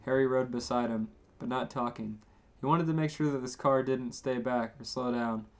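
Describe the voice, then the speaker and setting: A man's voice: mid-range voice, moderate pace. A man hosting a comedy podcast, reading fan fiction aloud and laughing often. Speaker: podcast host and reader.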